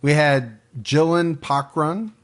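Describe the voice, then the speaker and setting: Slightly high-voiced male podcast host. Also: takes it slowly. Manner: reads out names and case facts, dry and matter-of-fact. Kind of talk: casual true crime podcast chat.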